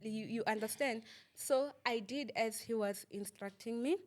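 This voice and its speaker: A young woman talks through a painful story as an interview guest. She is halting and repeats herself, with plenty of fillers. She often stops to ask whether the listener understands. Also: fairly high pitch, a little hiss or hum. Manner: asks "you understand?" often. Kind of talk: emotional personal testimony.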